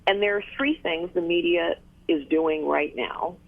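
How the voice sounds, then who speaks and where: A woman guest on a talk radio call-in, making her points in numbered order in a measured way. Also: lowish voice, big pitch swings, gravelly, no room sound. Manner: measured, lists points one by one. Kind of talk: phone interview on talk radio. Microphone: telephone. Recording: tinny phone line.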